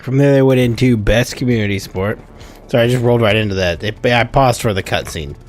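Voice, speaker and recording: A man's voice: mid-range voice, fairly quick, soft background music. A man hosting a gaming video, rambling casually in let's-play commentary and correcting himself as he goes. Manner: rambling, chatty, self-correcting.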